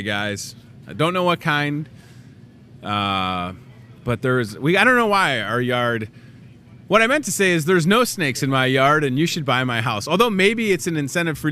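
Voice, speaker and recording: A man's voice: medium pitch, normal speed, slight background noise. A man in his thirties hosting a live in-store talk show, joking and rambling through asides. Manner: animated, jokey, rambling asides. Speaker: host. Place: grocery store set.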